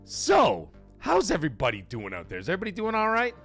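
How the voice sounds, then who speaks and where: A man's voice: sits high, huge pitch swings, fast, faint music behind. Hyped middle-aged man hosting a live stream. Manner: loud, hyped, joking shout-outs to chat. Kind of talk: casual live-stream chat.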